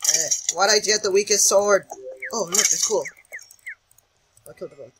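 A man's voice: high-pitched, moderate pace, heavy background noise. Jittery young man narrating his gameplay. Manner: jittery, self-mocking, repeats words in sing-song chants. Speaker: gaming channel host. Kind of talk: casual gameplay commentary.

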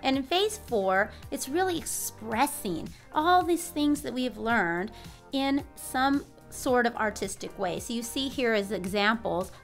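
A woman's voice: a little high, lively intonation, unhurried, faint music behind. A woman co-hosting a casual curriculum review, speaking in an upbeat, friendly way as she explains things. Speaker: homeschooling mom and channel co-host.

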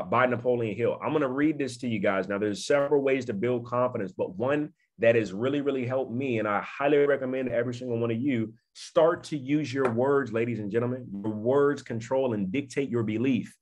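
A man giving an emphatic motivational talk on a video call, repeating phrases and often checking in with his listeners. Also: mid-range voice. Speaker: network marketing speaker.

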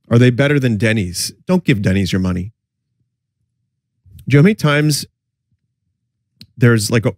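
A man's voice: mid-range voice, dry recording. A man from the New York area reacts to a run of old commercials, cracking wry jokes and laughing at them. His voice sits in a middle register and the sound is dry and close. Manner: wry, mocking, laughs often. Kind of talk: casual chat with jokes.

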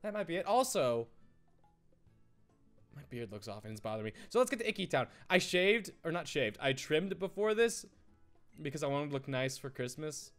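Lively, high-voiced man giggling and rambling through a video game playthrough. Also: normal speed, pauses often, smooth, soft background music. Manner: giggly, rambling, easily sidetracked. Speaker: gaming channel host. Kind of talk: let's play commentary.

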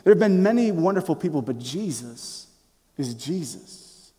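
A man's voice: on the high side, very animated, normal speed. Impassioned male pastor, echoing church hall. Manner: impassioned, swinging from loud emphasis to hushed near-whispers; repeats and restarts words as he speaks. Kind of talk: sermon. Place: church sanctuary. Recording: long reverb of a large church hall.

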